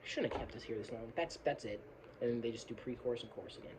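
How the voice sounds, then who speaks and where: Recorded on a phone camera with background noise, this fast-talking man with a mid-range voice rambles through casual video commentary on metal song lyrics. He keeps apologizing, swears offhandedly, and breaks into hummed riffs and snatches of sung lyrics.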